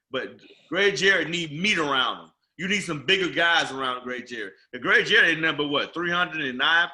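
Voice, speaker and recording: A man's voice: a little high, bright, forceful tone. A man hosting a casual sports talk show, ranting in an emphatic, rambling way. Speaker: podcast host.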